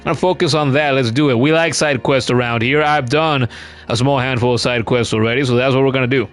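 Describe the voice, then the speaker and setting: A man's voice: medium pitch, fairly even intonation, a little fast, a bit bright, faint music behind. A man giving casual, chatty commentary while streaming a game, cursing now and then and reading chat comments aloud.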